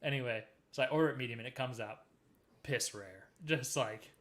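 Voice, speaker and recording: A man co-hosting a podcast, telling stories in casual chat with lots of swearing. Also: mid-range voice. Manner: fast, animated storytelling with profanity. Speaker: podcast co-host.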